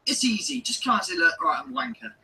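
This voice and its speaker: A man's voice: high voice, animated, very fast, distant mic, background noise. A man delivering a heated, sweary, sarcastic ranting monologue in his own video.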